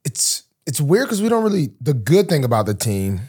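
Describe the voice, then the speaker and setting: A man's voice: on the high side, moderate pace, breathy edge. Laid-back young man rambling in casual chat. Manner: relaxed, rambling, many fillers and restarts. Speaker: podcast co-host, pro football player.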